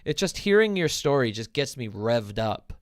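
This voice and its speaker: A man's voice: mid-range voice, big pitch swings, moderate pace. A man hosting a podcast as a relationship coach, ranting with heavy swearing and mocking impressions in casual chat.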